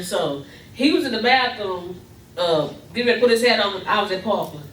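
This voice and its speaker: A woman's voice: fairly quick, slight background noise. An older woman, telling a family story and animatedly acting out the voices she quotes. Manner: animated, acts out quotes with big pitch jumps, laughs often. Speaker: grandmother sharing testimony. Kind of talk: casual storytelling testimony. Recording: echoey room, recorded from far off.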